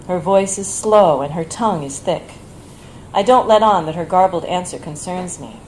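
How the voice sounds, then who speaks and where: A woman reading her own personal essay aloud at a bar event, in a measured, reflective, tender way. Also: on the low side, darkish tone, a little hiss or hum, poor audio.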